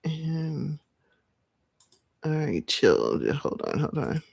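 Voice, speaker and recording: A woman vlogging late at night, chatting casually and rambling to her viewers, sounding tired and breaking into excited squeals. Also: low voice, very slow, vocal fry, breathy edge, no echo, clean studio sound.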